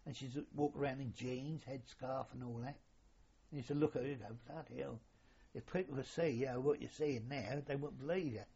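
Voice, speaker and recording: An older man who once sailed on the royal yacht rambles through memories of his seafaring years in an interview, colloquial and sprinkled with mild swearing. His mid-range voice is warm and husky, moving a little fast, on a dull lo-fi recording.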